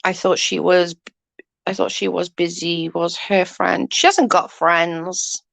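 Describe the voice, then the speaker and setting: A woman's voice: fairly low pitch, flat delivery, takes it slowly, gravelly, fairly bright tone, no room sound. A woman hosting a casual live stream, chatting and yawning as she reads comments. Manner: chatty, yawning, says "allegedly" often.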